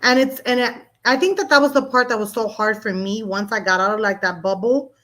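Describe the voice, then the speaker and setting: A woman co-hosting a podcast, telling personal stories in a blunt, animated way with casual swearing. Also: on the high side, a little fast. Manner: blunt, profane, animated storyteller. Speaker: podcast co-host. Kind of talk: candid casual chat.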